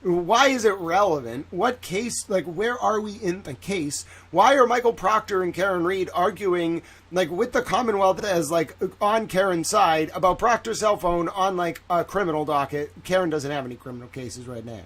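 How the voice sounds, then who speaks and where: Give me a chatty male streamer with a put-on Southern drawl and a slightly raised pitch, riffing loosely through legal news with lots of "like". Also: moderate pace, few pauses, fairly bright tone. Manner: rambling, heavy use of "like", joking asides. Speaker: live-stream legal commentator. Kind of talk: casual livestream commentary.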